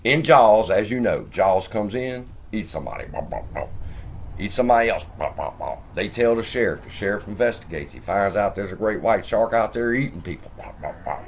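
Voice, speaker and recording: A man's voice: lowish voice, very animated, normal speed. A man hosting a finance video, telling stories animatedly, acting out the quotes and swearing. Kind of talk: casual commentary.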